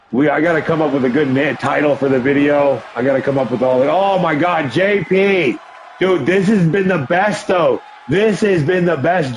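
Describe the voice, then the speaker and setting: Excitable high-voiced man calling play-by-play. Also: vocal fry, rough recording. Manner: excitable, often shouting, chatty asides to viewers. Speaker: livestream host and commentator. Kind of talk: play-by-play commentary of a wrestling video game.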